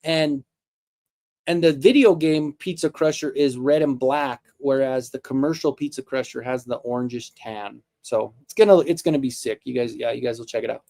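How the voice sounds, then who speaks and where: Gravelly and mellow, a mid-range male voice at normal speed runs a live toy stream; the host is in his forties. He keeps things laid-back and joking, rambling loosely and restarting his sentences often.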